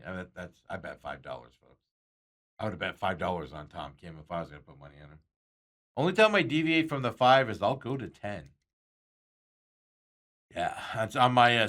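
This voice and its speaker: A man with a lowish, fairly bright voice runs a sports talk show. He rambles through casual betting chat, often chuckling while reading out comments from viewers.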